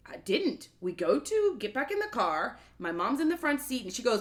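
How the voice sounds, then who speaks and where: A lively woman in her late twenties tells a story, her pitch swinging up and down as she acts out what others said. She talks casually with friends on a podcast, sliding between laughter and mock outrage. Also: moderate pace. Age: 20s. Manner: animated storytelling, acts out quotes. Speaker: podcast co-host. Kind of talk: casual chat.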